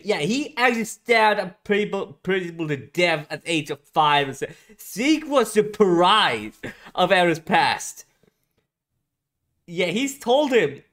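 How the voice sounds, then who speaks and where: Man, reaction video host, excitable, high-pitched, slow-paced, drawn-out exclamations, stumbling restarts. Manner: stumbling restarts when agitated. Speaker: anime reaction channel host.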